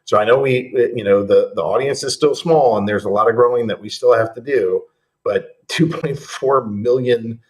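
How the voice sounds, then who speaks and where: A man's voice: lowish voice, brisk, few pauses. A man hosting a casual livestream town hall, chatty and rambling with many fillers and restarts. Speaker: host.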